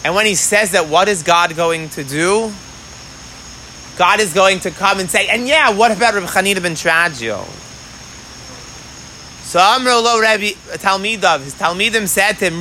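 A man's voice: sits high, normal speed, sharp tone, a little hiss or hum, poor audio. A man teaching a Talmud class outdoors in the rain. He talks with animation, asks rhetorical questions and mixes in Hebrew and Aramaic phrases. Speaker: Torah teacher.

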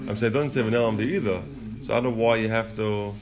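A man's voice: on the low side, fast talker, a crowd in the background. Man teaching a Talmud class. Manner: reasons aloud, questioning, mixes in Hebrew and Yiddish terms.

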